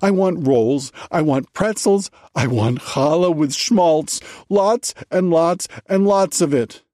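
A man voicing a hungry male rabbi who works himself into an excited, demanding rant. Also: mid-range voice, takes it slowly, breathy edge, no room sound, clean studio sound. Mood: frantic craving. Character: frantic hungry male rabbi, middle-aged.

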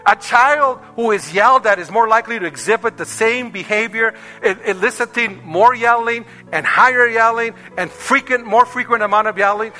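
A male pastor with a high, sharp voice preaches emphatically to his congregation, calling out for amens. A long hall reverb surrounds him, with faint music in the background.

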